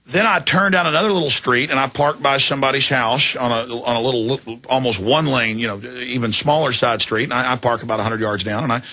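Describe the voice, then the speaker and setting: A male talk radio host with a gravelly, bright, forceful voice tells an indignant story. He rambles and restarts his sentences and sounds tired after a long broadcast. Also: medium pitch. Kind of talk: interview, telling a personal story.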